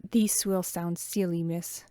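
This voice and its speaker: Lady doing a shy french-accented maid, soft and a bit whispery, dry close sound. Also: lowish voice, steady tone, takes it slowly, no room sound. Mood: sheepish. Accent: French, put on. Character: young woman maid speaking French-accented English.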